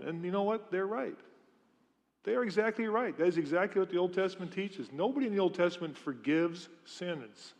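A man's voice: sits high, lively intonation, brisk, long reverb tail. A man preaching a sermon in a church, telling stories in a conversational way and asking the congregation questions. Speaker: pastor. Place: church sanctuary.

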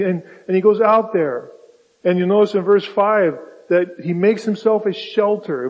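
Conversational preacher in a dull, echoing hall. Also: male voice, high-pitched. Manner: conversational, storytelling, voices God and Jonah in quotes. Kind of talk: sermon.

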